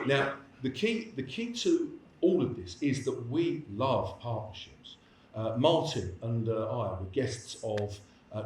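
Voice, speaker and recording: A man's voice: mid-range voice, a little hiss or hum. A man giving a lecture and answering questions in a chatty, anecdotal way, with many restarts. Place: lecture hall. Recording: echoey hall, distant mic.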